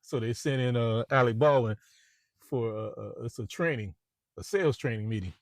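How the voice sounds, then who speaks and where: Brief: man, real estate agent, loose chatty vlog rambling, mid pitch, dry close sound in a car. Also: moderate pace, dry recording. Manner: rambling, repeats words, chatty. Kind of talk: casual vlog monologue. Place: inside a parked car.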